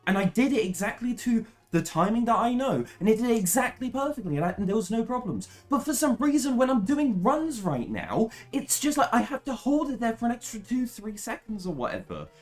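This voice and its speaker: A woman's voice: a little high, big pitch swings, brisk, few pauses, darkish tone, faint music behind. Swearing woman ranting over gameplay. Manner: swears a lot, rants in frustration, then explains in a rush. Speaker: speedrunner streaming a game. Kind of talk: live gameplay commentary.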